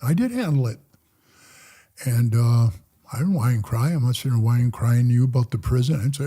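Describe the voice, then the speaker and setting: A middle-aged man telling prison stories as a podcast guest, blunt and profane, often dropping to low mutters as he recounts conversations. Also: animated, fairly quick, pauses often, mellow, breathy edge. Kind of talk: casual storytelling interview.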